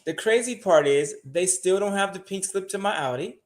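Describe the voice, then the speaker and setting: A man's voice: high-pitched, lively intonation, moderate pace. An older man, a show regular, giving blunt money advice in casual podcast talk and swearing freely.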